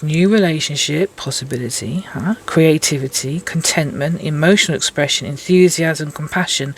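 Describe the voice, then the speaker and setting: A woman's voice: low-pitched, creaky. A woman giving a casual tarot reading, chatty and rambling, with self-mocking asides. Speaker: tarot reader. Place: indoors at a table with cards.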